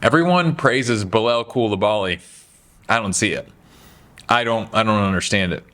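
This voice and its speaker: A man's voice: on the low side, moderate pace. Chatty, opinionated young-sounding man. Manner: chatty, animated, does mocking voices for quotes. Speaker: basketball commentary host. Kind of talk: casual opinionated sports talk.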